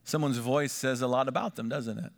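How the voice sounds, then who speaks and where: A middle-aged man preaching a sermon as pastor, moving between hushed, quiet asides and lifted, emphatic lines. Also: medium pitch, fairly even intonation, fairly quick, gravelly.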